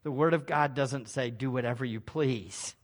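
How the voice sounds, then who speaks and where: A male pastor with a mid-range voice preaches a sermon at a moderate pace, full of emphasis. He shifts between hushed asides and loud proclamations, calling on the congregation to respond.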